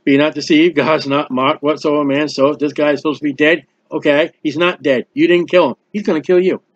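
A man's voice: a little high, a little fast. A man preaching an expository Bible sermon, acting out the biblical characters and quoting scripture. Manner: animated, acts out biblical characters, quotes scripture. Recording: dull lo-fi recording.

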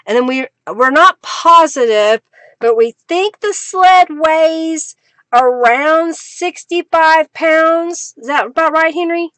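A woman with a bright, high voice talks with viewers on a craft livestream. She takes her time, reads their comments aloud and laughs easily. The sound is close and dry, with no room echo. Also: slow. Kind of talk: casual livestream chat with viewers.

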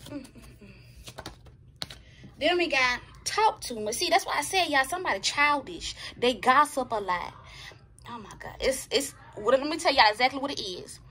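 A woman's voice: sits high, expressive, moderate pace, fairly bright tone. A woman giving a casual tarot reading, talking bluntly and profanely and checking in with her viewers. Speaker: tarot reader.

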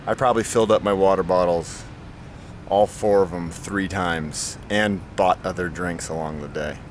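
A cycling vlogger with a low, steady voice talks casually to camera outdoors at a campground at a moderate pace, sweaty and exhausted after a long day of riding yet upbeat and often laughing. There's a little hiss or hum in the audio.

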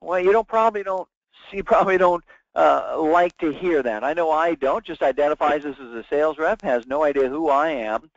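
Brisk and somewhat high-pitched, a male sales trainer delivers a webinar lecture, emphatic in tone and acting out example phone calls. The audio is dry, dull, and lo-fi, with no echo.

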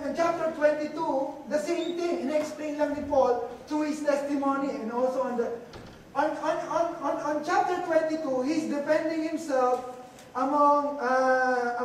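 A preacher with a Filipino accent, giving a halting sermon that mixes Tagalog into English and often repeats words. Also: sits high, a little hiss or hum. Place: church hall. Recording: echoey hall from far off, faint ambience.

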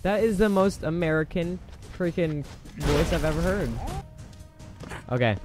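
Hyped young guy doing let's play commentary, kinda high voice, game music and gunfire blasting behind. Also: unhurried. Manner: excitable, exclaiming and laughing at the game. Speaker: gameplay commentator.

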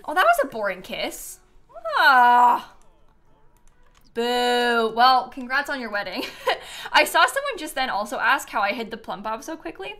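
A woman's voice: a little high, lively intonation, normal speed, sharp tone. A young woman streaming a life-sim game live, chatting casually and rambling with many fillers. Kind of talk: casual gameplay commentary.

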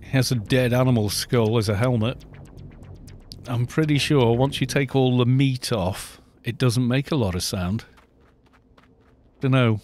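A man's voice: medium pitch, a little slow, pauses often, darkish tone, soft background music. A man talks loosely over his gameplay, wandering from story to story. He cracks himself up often and keeps an easy, unscripted chat going into a desk microphone. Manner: rambling and jokey, laughs often. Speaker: gaming streamer. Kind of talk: casual live-stream chat while playing.

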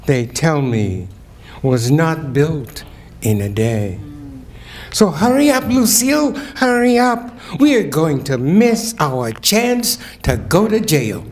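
An older man giving a keynote address, reading poems aloud in a slow, declamatory way and swelling to ringing emphasis on key words. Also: a little high, darkish tone. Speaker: keynote speaker reading poetry. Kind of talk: dramatic poetry reading and lecture. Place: event hall at a community breakfast.

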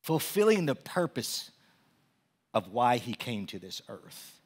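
A male pastor with a mid-range, husky voice preaches a sermon to his church at a slow pace. He repeats words often, moving from calm teaching to loud, animated storytelling.

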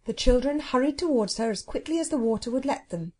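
A woman reading a children's storybook aloud, expressive and measured in her delivery. Her voice sits a little high, moves in lively curves, and has a slightly husky grain. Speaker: audiobook narrator.

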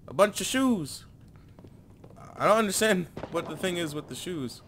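A man giving casual gameplay commentary, cursing often and breaking into shouts at his character. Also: high voice, lively intonation, moderate pace, slight background noise. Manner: swearing, yells in bursts at the character. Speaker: gaming channel host.

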